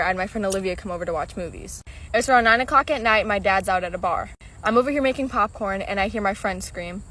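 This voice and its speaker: A woman's voice: medium pitch, fairly bright tone. A text-to-speech woman's voice telling a spooky story in a casual, blunt manner full of slang.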